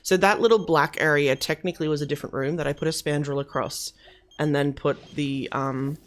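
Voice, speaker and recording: A woman's voice: deep voice, fairly even intonation, fairly quick. A woman giving chatty, casual commentary while touring a house she built in a video game. She laughs easily and often corrects herself mid-sentence. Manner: chatty, giggly, self-correcting. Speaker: video game creator showing a house build.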